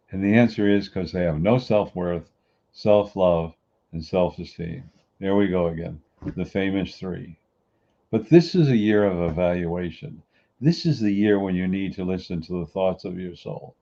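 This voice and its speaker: A middle-aged man with a very low, deep voice delivers an earnest motivational talk. He preaches and repeats his points. The recording sounds dull and lo-fi. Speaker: podcast host.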